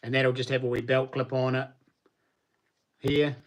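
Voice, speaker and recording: A knife maker from New Zealand hosts a livestream, replying to viewers in loose, colloquial chat. His middling-pitched voice is easygoing and full of fillers, at a measured pace.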